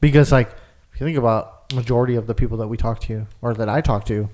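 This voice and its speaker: A young man chatting on a podcast, with a middle-pitched voice that sits right in the usual range. He tells stories in a rambling, casual way, packed with fillers and restarts. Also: quick pace, a little mellow. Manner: rambling storyteller, lots of "like". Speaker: podcast co-host. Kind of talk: casual chat.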